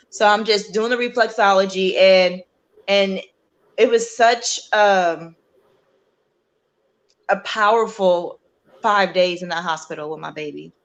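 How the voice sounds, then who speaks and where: A young adult woman, a guest on a talk show, earnestly telling a personal story in a halting way, with many fillers and restarts. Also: mid-range voice, steady tone, muffled recording. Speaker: guest sharing her story.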